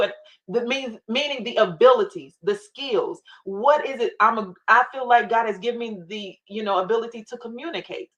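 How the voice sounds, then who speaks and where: A woman guest gives an emotional personal faith testimony, acting out her own prayers and inner voice and quoting scripture. Her voice is fairly high and a bit bright, at a normal speed, though the audio sounds dull.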